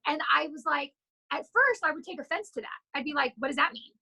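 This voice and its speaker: A woman's voice: high voice, animated, a little fast, creaky, pushed and bright, rough recording. A woman in her thirties, a gym owner and trainer, candidly telling stories and encouraging in a casual interview. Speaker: gym owner and fitness instructor, guest.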